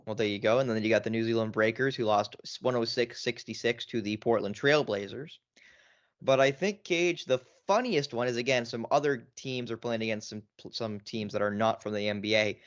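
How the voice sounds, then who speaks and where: A man's voice: medium pitch, fairly bright tone. Rambling male sports podcast co-host. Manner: rambling, lots of "you know" and restarts. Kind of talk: casual sports chat. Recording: dull lo-fi podcast audio.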